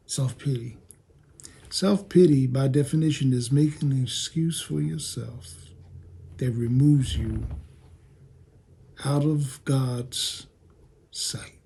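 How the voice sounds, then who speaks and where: Man pastor preaching slow and dark-toned, goes loud then drops to a hush, repeats lines like a chant. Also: mid-range voice, vocal fry, breathy edge. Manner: dramatic swings between raised preaching and hushed near-whisper; repetitive, rhythmic phrasing. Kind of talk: sermon at a midweek Bible study.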